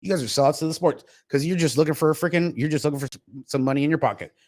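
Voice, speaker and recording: A man's voice: fairly high pitch, very fast, darkish tone. A man hosting a podcast, ranting in a heated, profane, casual way. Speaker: podcast host. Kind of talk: casual chat.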